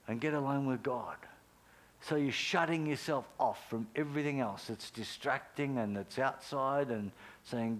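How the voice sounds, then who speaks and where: Middle-aged male pastor, sermon delivery, earnest storyteller, mid-pitched voice. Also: normal speed. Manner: earnest storytelling, animated bursts, drops to near whisper for prayers.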